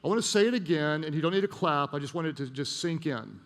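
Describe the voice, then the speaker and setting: Male pastor, sermon delivery, gravelly texture, hushed storytelling lows, long church-hall reverb. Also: lively intonation, quick pace, few pauses. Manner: storytelling, drops to a hushed voice for emotional moments. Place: church auditorium.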